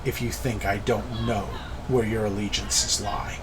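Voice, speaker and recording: A man voicing a calm, menacing male spellcaster with a slight African accent, speaking quietly and measuredly. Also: on the low side, measured pace, noisy background, pitched below the performer's own voice, close to an everyday voice.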